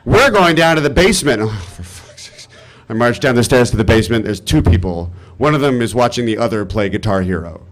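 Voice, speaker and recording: A man telling a personal story live on stage, animated and exasperated, swearing freely. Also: medium pitch, a little fast.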